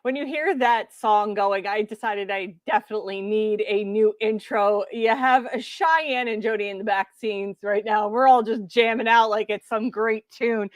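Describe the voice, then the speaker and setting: A woman's voice: on the high side, no echo. A woman hosting a casual livestream, chatty and bubbly, laughing easily as she greets viewers by name. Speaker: livestream host.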